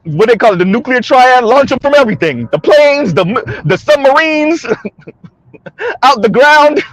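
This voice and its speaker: Addressing viewers directly on his commentary channel, this man mocks in a casual way, laughs a lot, and repeatedly asks "right?". He speaks at a measured pace in an extremely high, very animated voice, with a dry recording.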